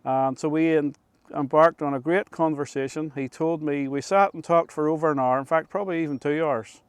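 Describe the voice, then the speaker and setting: Middle-aged Northern Irish man, clear voice. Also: fairly high pitch, fairly even intonation, no echo. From Northern Ireland. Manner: unhurried, chatty, restarts mid-phrase. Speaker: vlogger. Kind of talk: storytelling to camera. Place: rooftop of an old control tower, outdoors.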